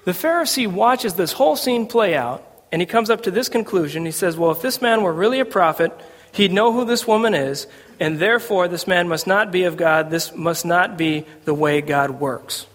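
A man's voice: sits high, normal speed. A man preaching a sermon to a congregation, conversational and humorous. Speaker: pastor. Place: church sanctuary. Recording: long reverb of a church hall.

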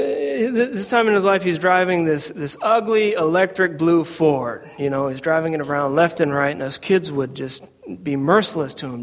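A male pastor with a notably high voice delivers a chatty, story-driven sermon, stumbling through "uh"s and restarts as he goes. His words ring out with a long church-hall reverb. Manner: conversational storytelling with frequent fillers and restarts. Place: church sanctuary.

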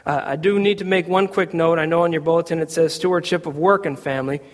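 A man, a pastor, preaching a sermon in a church and telling a family story in a relaxed, conversational way full of fillers and restarts. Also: a little high, quick pace, in a large hall. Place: church sanctuary.

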